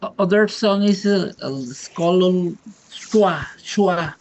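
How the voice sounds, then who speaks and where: A man learning English in an online lesson, speaking in halting non-native English and searching for words. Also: high voice, low-quality recording. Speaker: student.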